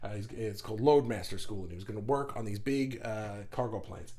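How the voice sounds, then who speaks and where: A middle-aged New Yorker hosts a group livestream, reading viewer comments aloud in casual chat. He's fast, animated and rambling, with big jumps in pitch.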